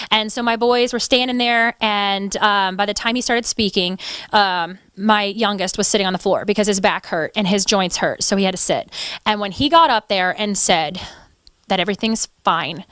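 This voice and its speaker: A woman's voice: medium pitch, normal speed, fairly bright tone, clean tone, no echo. A woman activist speaking in an interview, impassioned and indignant. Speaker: activist guest. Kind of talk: interview conversation.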